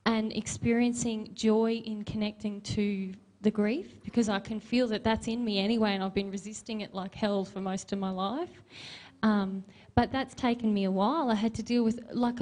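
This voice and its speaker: A woman's voice: mid-range voice, darkish tone. A woman co-presenting a Q&A session, speaking openly and reflectively about her own experience. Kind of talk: personal sharing in a Q&A.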